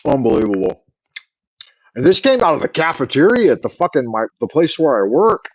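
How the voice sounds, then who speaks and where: This livestream host, a middle-aged man with a Californian accent, speaks fairly quickly in a slightly high voice with big pitch swings. He rambles, swears and offers plenty of opinions, all on a low-quality recording.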